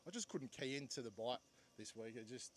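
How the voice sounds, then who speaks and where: A man, a competing angler, giving relaxed interview answers that trail off softly. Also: mid-range voice, brisk. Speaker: tournament angler.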